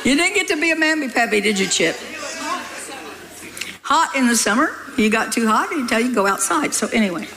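A woman's voice: on the high side, expressive, brisk, long pauses, crowd noise. Folksy scolding older woman preacher. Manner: folksy, scolding, laughs often. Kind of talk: sermon with read-aloud testimony.

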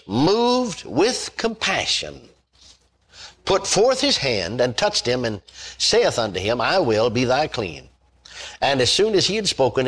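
A male preacher with a husky, somewhat breathy voice delivers a sermon, reading verses and driving home his points. His pitch swings widely as he preaches, climbing and dropping for emphasis. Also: fairly bright tone. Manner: emphatic preaching, repeats points, interjects hallelujah. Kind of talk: sermon on healing, reading scripture aloud.

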